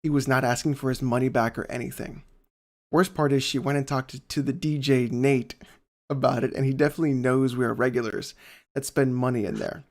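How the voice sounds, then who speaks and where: A man co-hosting a casual podcast, retelling stories in a wry, deadpan way. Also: medium pitch, fairly quick. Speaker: podcast co-host and streamer.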